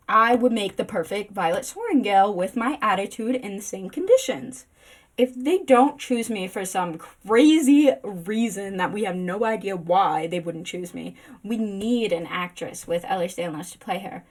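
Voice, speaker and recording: A woman's voice: medium pitch, lively intonation, unhurried. A woman giving a casual slideshow vlog about a book, giggly, rambling and self-deprecating. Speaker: booktok vlogger.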